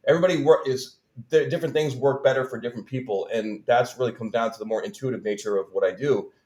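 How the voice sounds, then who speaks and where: A man's voice: mid-range voice, fast talker, darkish tone. A man earnestly explaining a healing practice in casual interview talk, often checking in with "right?". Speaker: guest healer. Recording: roomy echo.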